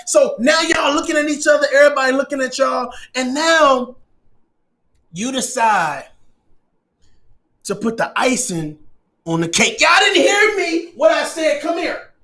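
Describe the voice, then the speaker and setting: A man performing an animated comedic monologue, shouting and preaching his story with laughing asides. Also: very high-pitched.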